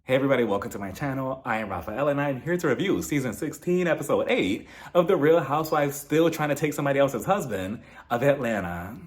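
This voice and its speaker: A man's voice: medium pitch, fast, few pauses. A man hosting his own channel, giving a casual, jokey recap of a reality show episode. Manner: animated, jokey, mimics cast members. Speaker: reality TV review YouTuber.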